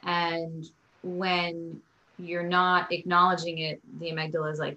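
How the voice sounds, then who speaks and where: A woman's voice: on the low side, level tone, a little fast, pushed and bright, lo-fi sound. A woman guest on a podcast interview, a yoga teacher telling stories and acting out quotes with animation.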